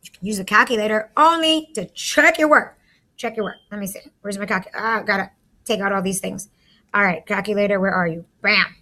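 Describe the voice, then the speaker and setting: A woman's voice: on the high side, pushed and bright. A woman teacher in a recorded math lesson, chatty and talking through each step aloud to her students.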